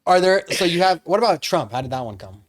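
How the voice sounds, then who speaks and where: A man's voice: sits high, big pitch swings, quick pace. A young man hosting a casual interview podcast, asking teasing, joking questions. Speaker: podcast host.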